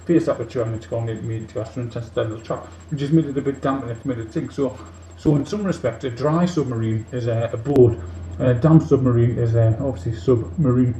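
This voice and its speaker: A tipsy male robot leader rambles quickly and earnestly, drifting from one tangent to the next, as a man puts him on. His voice is very dark and heavy. The recording sounds muffled and roomy, with a faint hiss behind it. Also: medium pitch, natural voice. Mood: tipsy rambling. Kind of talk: comic monologue in character.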